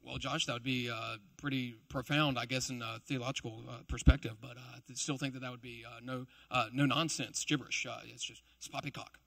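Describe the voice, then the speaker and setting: A preacher putting on a low, hesitant voice to play a pompous, dismissive male skeptic who hems and haws. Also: steady tone, gravelly, bright, forceful tone, no room sound, recorded from a distance. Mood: scoffing. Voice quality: pompous, hesitant, with drawn-out ums. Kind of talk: comic impression within a sermon.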